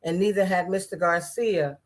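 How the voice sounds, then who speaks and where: A woman's voice: on the low side, steady tone, moderate pace. A woman giving casual political commentary in a sarcastic, rambling way, with many restarts and asides.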